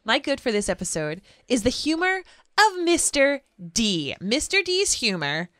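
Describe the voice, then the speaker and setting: A woman in her forties from New England, hosting a casual podcast recap in an animated, playful way. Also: sits high, measured pace, no echo, clean studio sound. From New England, United States. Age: 40s. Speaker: podcast host.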